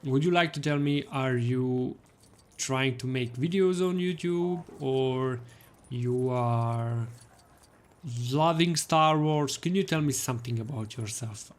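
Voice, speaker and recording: A man's voice: mid-range voice, slow pace. A young man streaming a video game live, cheerfully greeting viewers and reading the chat aloud, laughing often.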